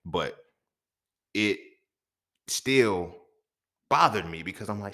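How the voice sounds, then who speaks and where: Male podcast host, low-pitched and very expressive, profane storyteller who swings between shouting and muttering. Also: slow, long pauses. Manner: animated and profane, swinging between loud outbursts and muttered asides. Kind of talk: storytelling monologue.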